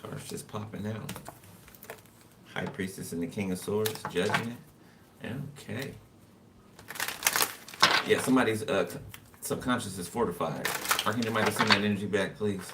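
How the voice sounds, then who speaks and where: A man's voice: on the low side, normal speed, long pauses. Chatty man reading tarot, distant mic. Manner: loose and chatty, laughs to himself, talks to the viewer while pulling cards. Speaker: tarot reader. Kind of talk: casual tarot reading monologue. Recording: distant mic with loud background noise.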